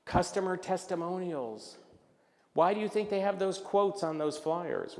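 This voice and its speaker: A man giving a business presentation at a luncheon, animated and jokey, acting out little voices as he talks. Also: high-pitched, measured pace, long reverb tail. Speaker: luncheon speaker. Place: event hall.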